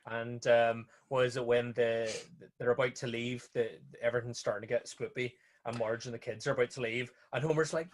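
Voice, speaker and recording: A man's voice: mid-range voice, fairly even intonation, a little fast, hardly any pauses. A man, co-hosting a casual film review chat and animatedly retelling scenes with frequent laughs. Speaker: podcast co-host.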